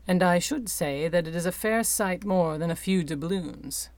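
A woman voicing a composed, polite male debt collector who speaks quietly and formally. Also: fairly low pitch, moderate pace, dry recording, close to an everyday voice.

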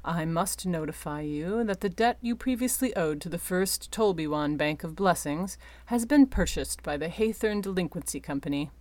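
A woman voicing a composed, polite male debt collector who speaks quietly and formally. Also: lowish voice, animated, normal speed, hardly any pauses, no echo, lightly acted.

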